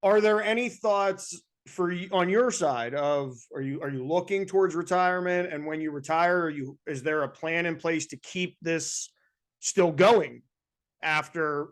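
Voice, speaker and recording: A man's voice: fairly high pitch, a little slow. A man hosting an interview who often restarts his sentences while asking questions. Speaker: interviewer host. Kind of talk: casual interview chat.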